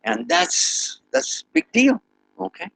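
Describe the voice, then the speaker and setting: Animated man leading a story lesson. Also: high-pitched, slow pace, gravelly, rough recording. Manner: animated, leads the audience in sound effects; asks the audience questions. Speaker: Islamic preacher teaching students.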